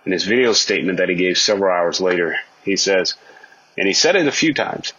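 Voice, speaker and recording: A man's voice: deep voice, animated, a little fast, fairly bright tone, breathy edge. A man giving argumentative commentary on a court case, asking rhetorical questions and acting out quotes. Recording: dull lo-fi recording.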